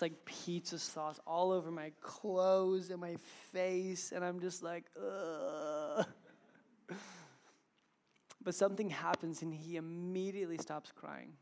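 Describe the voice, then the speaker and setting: A young man preaching an informal evening sermon, talking casually with filler words and retelling stories in an animated way. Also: on the high side, creaky.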